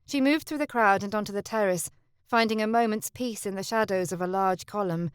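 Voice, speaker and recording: A woman's voice: mid-range voice, moderate pace, clean tone, dry recording, clean studio sound. A woman narrating a historical romance audiobook, lifting her voice for the heroine.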